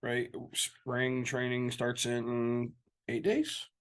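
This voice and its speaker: A man's voice: medium pitch, steady tone, very slow, clean tone. A man in casual podcast chat, loose and easygoing as he talks. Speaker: podcast co-host.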